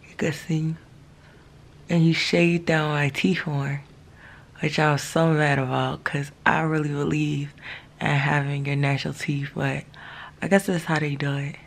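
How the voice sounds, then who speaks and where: A woman's voice: sits low, flat delivery, measured pace, vocal fry. A young woman in her twenties vlogging to camera in casual slang, swearing freely. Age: 20s. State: mouth numb and swollen, talking stiffly. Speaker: travel vlogger.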